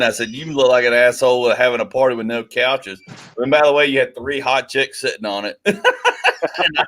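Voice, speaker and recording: A man's voice: medium pitch, brisk. A man hosting a podcast, telling a story with acted-out quotes and then introducing his guest. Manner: animated storyteller, acts out quotes. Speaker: podcast host. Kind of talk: casual chat and interviewing.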